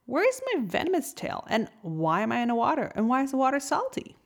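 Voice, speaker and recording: A woman's voice: medium pitch, very animated, moderate pace. A woman voicing a grumpy, despairing male lobster in a storybook tale, with exasperated, whiny outbursts. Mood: bewildered.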